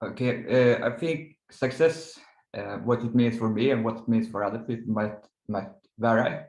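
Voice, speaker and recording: A man in his thirties, a podcast guest, answering in a halting, thoughtful way as he searches for words. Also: medium pitch, darkish tone, reverberant, poor audio. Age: 30s. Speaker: startup co-founder and guest. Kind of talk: casual interview chat. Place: indoors in the evening.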